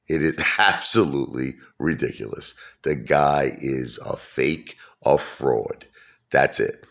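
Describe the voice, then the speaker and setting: Brash deep-voiced man ranting. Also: fairly bright tone. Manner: brash, mocking, repetitive ranting. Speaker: channel host. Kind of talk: ranting vlog monologue.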